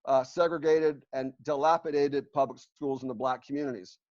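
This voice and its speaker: A man's voice: mid-range voice, fairly even intonation, moderate pace, a little mellow. A man speaking at a community panel, presenting a resolution in an earnest way with many fillers and restarts. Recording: muffled lo-fi audio.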